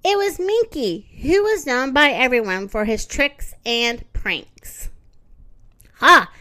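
Slow expressive woman storyteller. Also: sits high. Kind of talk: children's story reading.

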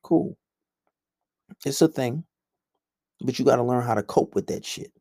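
A man's voice: medium pitch, unhurried, dark tone, breathy edge, dry recording, clean studio sound. Blunt, swearing male coach ranting. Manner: blunt, combative, heavy swearing. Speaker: men's coach. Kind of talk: profane ranting monologue.

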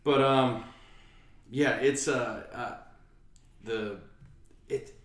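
A man's voice: mid-range voice, steady tone, drawn-out words, echoey room, far from the mic. A man co-hosting a podcast, chatting casually and animatedly with frequent restarts. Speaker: podcast co-host. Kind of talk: casual chat.

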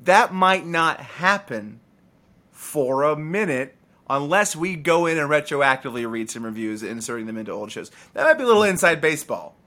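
Playful, lively-voiced podcast co-host. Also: male voice, fairly high pitch. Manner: playful, quick to riff and joke. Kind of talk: casual podcast chat.

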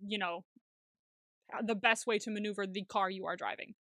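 A woman's voice: mid-range voice, steady tone, normal speed, pushed and bright, no room sound, clean studio sound. A woman co-hosting a podcast recap, chatting casually, giggling often and swearing freely. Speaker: podcast co-host.

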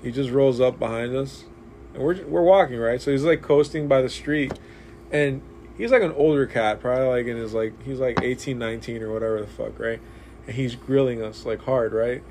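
A man, telling stories in a profane, animated way while hanging out at a comic shop. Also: mid-range voice, a little fast, slight background noise. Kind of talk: casual chat.

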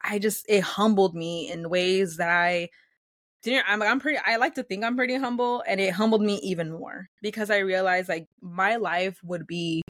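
A woman talking as a guest in a casual interview, animated and chatty, full of fillers and acting out what others say. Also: medium pitch, moderate pace, no room sound, studio quality. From United States, first-generation Salvadorian. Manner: animated, chatty, many fillers, acts out quotes.

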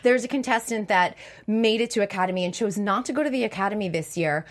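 A woman's voice: medium pitch, quick pace. A woman hosting a casual interview, chatty and laughing along with her guest. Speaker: podcast host.

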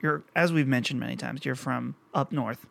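A man hosting a casual podcast chat, lively and jokey, often slipping into playful impressions. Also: mid-range voice, moderate pace, gravelly. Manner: lively, jokey, mimics others in a put-on friendly voice. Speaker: podcast host.

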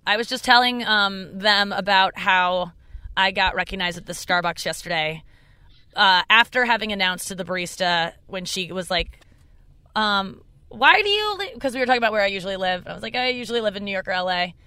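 Fairly quick, pushed, and bright, her voice comes through clean with no echo. She's a young adult comedian podcasting from her car, spinning a rambling, self-mocking story in casual conversation and shooting up high to quote others.

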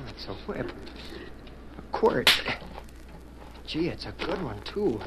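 Eager young cowboy, played by a man; lively, bright-toned; noisy vintage radio. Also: fairly high pitch, normal speed, natural voice. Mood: wondering. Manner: excitable, talks to himself. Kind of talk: 1940s radio acting. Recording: noisy old radio recording.

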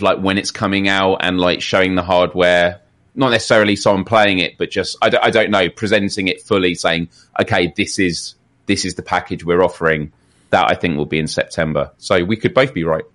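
His voice low-pitched and a bit bright, this podcast co-host chats casually on a live gaming show. He hesitates, restarts his sentences a lot, and asks clarifying questions.

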